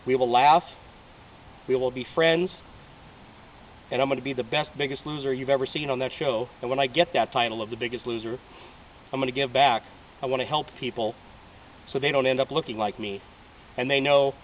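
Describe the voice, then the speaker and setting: A man's voice: medium pitch, steady tone, brisk, long pauses, a little hiss or hum. A man in his late thirties making a heartfelt personal appeal to be picked, with emotional, sincere delivery. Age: 30s. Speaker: reality show applicant. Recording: distant, dull home video audio.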